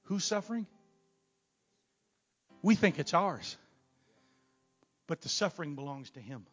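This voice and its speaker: A middle-aged man preaching a Pentecostal sermon in a church, his volume surging and sinking as he builds to near-shouts. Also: on the high side, lively intonation, measured pace, soft background music. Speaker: pastor. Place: church sanctuary.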